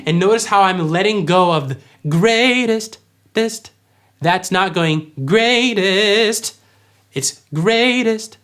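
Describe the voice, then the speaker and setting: A man teaching worship vocals, explaining clearly and singing short examples. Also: sits high, measured pace, fairly bright tone, faint music behind. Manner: clear, instructive, demonstrates by singing. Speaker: vocal coach. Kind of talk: vocal tutorial with sung examples.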